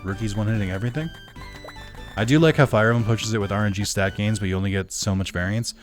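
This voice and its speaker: Over music, a man with a lowish voice talks fast while playing on a live stream. His commentary is casual and rambling, packed with filler, and he chats with viewers and corrects himself often.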